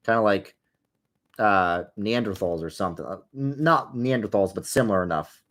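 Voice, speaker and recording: A man's voice: fairly low pitch, moderate pace, fairly bright tone. A young man talks casually into his desk mic while gaming, answering viewers. His chat wanders from point to point, and he drops in dry, sarcastic remarks as he goes. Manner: rambling, chatty, drifting into wry sarcastic asides. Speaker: livestream host answering viewer questions. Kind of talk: casual livestream chat while playing a game.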